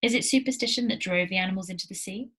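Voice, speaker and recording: A woman's voice: mid-range voice, racing, a bit bright, husky. A woman voicing a cold, commanding leader of a banished people in a storybook read-aloud. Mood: scornful.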